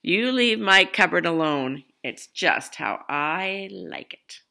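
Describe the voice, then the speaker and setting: A woman voicing a brisk, tidy old grandma in a storybook, firm and cheery. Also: fairly low pitch, expressive, vocal fry, bright, forceful tone, full character voice.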